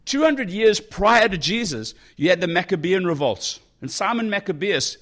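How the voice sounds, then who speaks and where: Animated conversational male preacher. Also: high-pitched, moderate pace. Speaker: pastor. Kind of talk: sermon.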